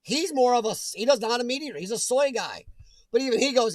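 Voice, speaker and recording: High-voiced chatty man hosting a stream. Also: a little fast, no echo. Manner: chatty, laughs often, jokes with viewers. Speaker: livestream host reading chat. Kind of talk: casual chat.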